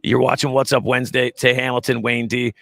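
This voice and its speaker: Bright-voiced man hosting a chatty show. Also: medium pitch, level tone, fairly quick, creaky, no room sound. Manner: joking, chatty, reads viewer comments. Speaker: show host. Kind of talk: casual live-stream chat.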